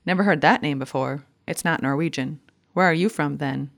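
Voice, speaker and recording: A woman reading the lines of an old rural neighbor man who is blunt and curious and asks terse questions, in a low, gravelly voice close to her own. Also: moderate pace.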